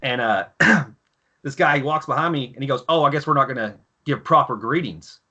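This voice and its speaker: A man in his thirties, a former Marine guest, telling profane, animated stories in casual podcast chat. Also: mid-range voice, brisk.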